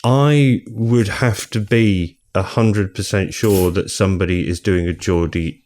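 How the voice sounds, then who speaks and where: A middle-aged man with a fairly low voice hosts a relaxed book podcast. He chats easily and keeps the conversation moving with questions. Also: a little slow. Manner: chatty, leads the discussion with questions. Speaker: podcast co-host. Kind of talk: casual podcast chat.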